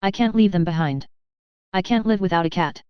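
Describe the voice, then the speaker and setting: Young pleading girl, as a woman reads her, storybook, smooth voice, slightly dull dry recording. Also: fairly low pitch, a little fast, dry recording, close to an everyday voice. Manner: pleading, earnest. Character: earnest, imaginative young orphan girl.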